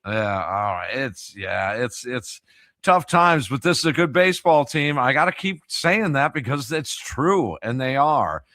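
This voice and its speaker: A man's voice: mid-range voice, very animated, a little slow, pushed and bright, no echo. Man hosting sports radio, dry studio sound.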